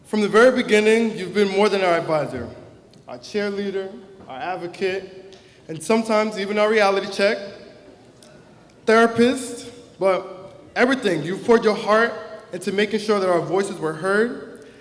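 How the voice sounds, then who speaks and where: A man's voice: sits high, moderate pace. A young man, class president, giving an earnest, heartfelt prepared speech at a graduation ceremony into a stage microphone. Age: young adult. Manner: earnest, heartfelt, emotional at times. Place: large hall or auditorium. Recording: echoey hall with long reverb.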